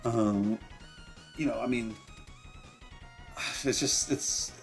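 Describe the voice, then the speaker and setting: A man's voice: medium pitch, fairly even intonation, drawn-out words, vocal fry, faint music behind. A man giving rambling, casual commentary while playing a video game, with lots of fillers and some mild swearing. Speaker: gameplay streamer. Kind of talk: casual let's-play commentary.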